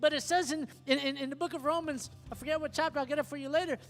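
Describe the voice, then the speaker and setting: A man's voice: very high voice, steady tone, racing. Emphatic male pastor preaching in a hall. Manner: emphatic, repeats questions to the congregation. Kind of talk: sermon. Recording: long hall reverb with soft guitar behind.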